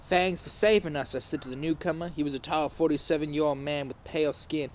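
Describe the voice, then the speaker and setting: A man's voice: a little high, brisk, slight background noise. A man giving a comedic dramatic reading aloud, stumbling over words and reading in a mock-serious way. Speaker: podcast host reading aloud.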